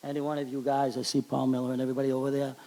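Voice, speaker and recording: A middle-aged man from Charlestown, Boston, with a Boston accent, halts and repeats words as he gives an emotional hall of fame acceptance speech at a banquet. His voice is mid-range, mellow, and monotone.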